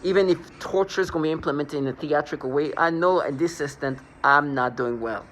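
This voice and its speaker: A man's voice: a little high, brisk, a bit bright, a little hiss or hum. A man rambling through a scornful personal monologue, restarting and repeating words as he goes. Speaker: vlogger.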